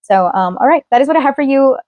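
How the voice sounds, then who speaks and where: A woman's voice: sits high, lively intonation, fast talker, a little mellow, no room sound. Woman, tarot reader, casual chatty reading, lots of fillers, dry close sound. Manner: chatty, loose, heavy on fillers.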